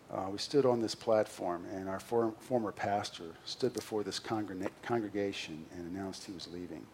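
Earnest pastor preaching a sermon. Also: male voice, fairly low pitch, slight background noise. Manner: earnest, confessional, swings between loud emphasis and quiet asides. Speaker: senior pastor. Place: church sanctuary.

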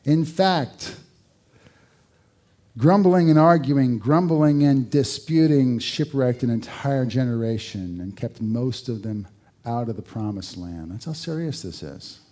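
A man's voice: mid-range voice, animated, unhurried, dark tone. A male pastor preaching a sermon in a conversational way, with rhetorical questions and dry humor.

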